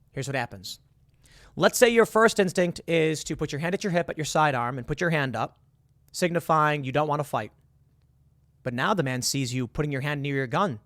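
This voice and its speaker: A man's voice: fairly high pitch, fairly bright tone, dry recording, clean studio sound. A man hosting a casual commentary monologue, walking the listener through hypothetical scenarios and rising to emphatic bursts. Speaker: political commentary host.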